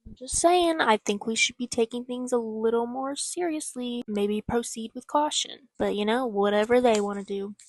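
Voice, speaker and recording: A young woman in a casual reading vlog, excitable and rambling, swearing freely as she reacts. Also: on the high side, normal speed, hardly any pauses, dry recording. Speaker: book vlogger.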